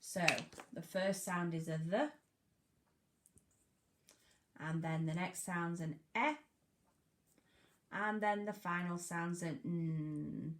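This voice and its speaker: A woman teaching a recorded phonics lesson to young children, slowly and clearly sounding out letters, counting down and praising. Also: lowish voice.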